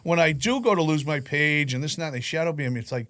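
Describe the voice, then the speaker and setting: A man telling profane stories in a relaxed group chat. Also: a little high, fast talker. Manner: profane, animated storyteller. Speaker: podcast guest. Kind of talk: casual storytelling chat.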